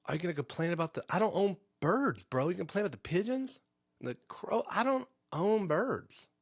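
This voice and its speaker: A man hosting a live comedy stream, talking casually in a voice of middling pitch. He rambles through a story with a lot of swearing and sudden bursts of energy. The sound is close and dry. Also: no echo. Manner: rambling, profane, animated storytelling. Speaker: podcast host.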